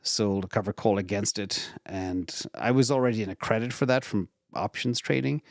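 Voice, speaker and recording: Man, low pitch, casual rambling live Q&A host, fillers and restarts, dry room. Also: moderate pace, gravelly, no echo. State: retired from regular work. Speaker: investing channel host. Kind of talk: live Q&A answering viewer questions.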